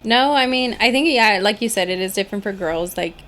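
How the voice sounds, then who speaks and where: A woman's voice: mid-range voice, a little fast, a bit bright. A young woman talking frankly as a podcast guest, blunt and swearing freely in casual chat.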